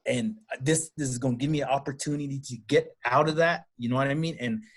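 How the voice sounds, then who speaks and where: A man's voice: mid-range voice, fairly even intonation, fast, breathy edge. A man hosting an interview, himself a coach, talking reflectively and restarting his sentences as he thinks. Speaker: interview host and football coach. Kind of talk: casual interview conversation.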